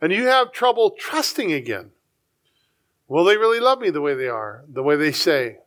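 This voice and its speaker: A man's voice: fairly high pitch, big pitch swings, normal speed, a bit bright. A man preaching a sermon, reading scripture aloud, repeating words and stumbling now and then, pushing his voice up for emphasis.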